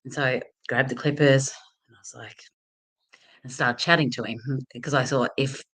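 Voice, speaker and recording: A woman's voice: rumbling low, fairly even intonation, normal speed, fairly bright tone. A woman hosting a casual live talk, telling a personal story with many fillers, restarts and laughs. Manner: chatty, lots of fillers and restarts, laughs often. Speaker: host of a confidence talk.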